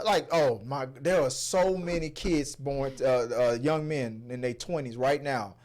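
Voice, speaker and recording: Halting, chatty man reviewing a film. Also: a little high. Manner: halting, repeats words, bursts of loud laughter. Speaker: movie review host. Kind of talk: casual review chat.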